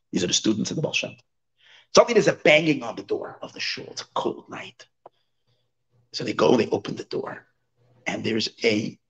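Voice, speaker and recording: Animated storytelling rabbi. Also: male voice, medium pitch, poor audio. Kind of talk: sermon storytelling.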